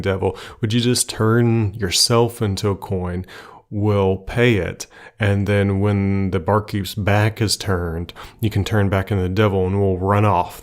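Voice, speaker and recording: A man voicing a sly, drunken old trickster who wheedles favors out of the devil. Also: fairly low pitch.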